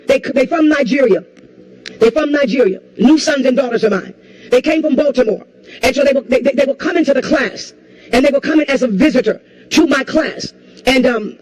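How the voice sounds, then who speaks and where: A woman preaching a sermon with passion. She repeats her lines, keeps asking the crowd whether they hear her, and rises to shouts and a crying tone at the peaks. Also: sits high, poor audio.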